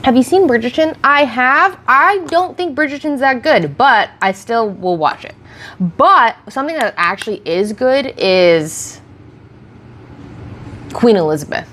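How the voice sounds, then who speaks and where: A woman's voice: fairly high pitch, fairly bright tone, slight background noise. A woman livestreaming while getting ready, chatting casually and rambling as she answers viewers' questions on a close mic. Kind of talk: casual get-ready-with-me stream chat. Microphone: close streaming mic.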